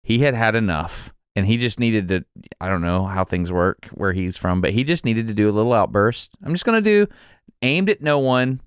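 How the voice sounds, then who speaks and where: With a lowish, smooth voice at normal speed, a man co-hosting a podcast narrates a story in casual talk, animatedly acting out the people involved and laughing through their quotes. The studio sound is clean, with no echo.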